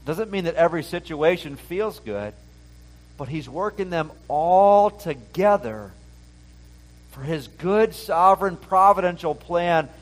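A man preaching a sermon, reading scripture and retelling it in a conversational way, swinging from loud emphasis to hushed asides. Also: fairly high pitch, expressive, unhurried, low-quality recording. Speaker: pastor.

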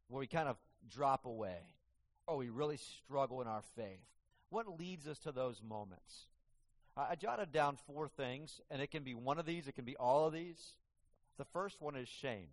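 A man preaching a sermon as pastor, swinging from hushed, low passages to emphatic, raised ones. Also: in a large hall. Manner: dramatic, swings from hushed to emphatic, acts out quoted voices.

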